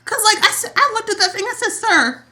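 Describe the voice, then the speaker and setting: High, bright, expressive young woman. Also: racing, slight background noise. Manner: expressive, acts out quotes, joking. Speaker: podcast co-host. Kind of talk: casual recap chat.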